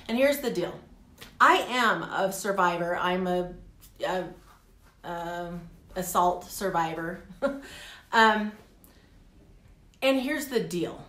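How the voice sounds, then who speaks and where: A woman's voice: mid-range voice, unhurried, pauses often. Candid, laughing woman in an echoey room. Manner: candid, animated, laughs often. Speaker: vlogger. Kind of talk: casual personal vlog talk.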